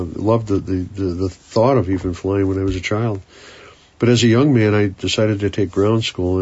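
Husky-voiced male preacher, lo-fi. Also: fairly low pitch, a little mellow. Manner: earnest, unhurried, repeats words when searching. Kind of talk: sermon.

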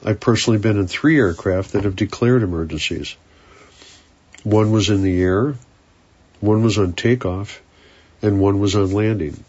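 A man preaching a sermon in an earnest, unhurried way, sometimes repeating words as he searches for them. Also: on the low side, darkish tone, lo-fi sound.

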